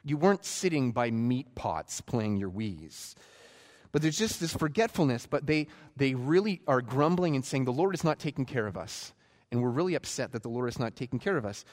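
A man preaching a sermon, retelling a story in an animated way and acting out quotes. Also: medium pitch, normal speed, big-room sound. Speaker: pastor.

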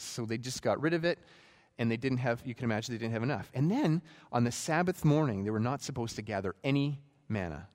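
Man, preaching, animated storytelling, long hall reverb, mid-pitched. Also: brisk. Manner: animated storytelling with acted quotes. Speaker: pastor. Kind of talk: sermon.

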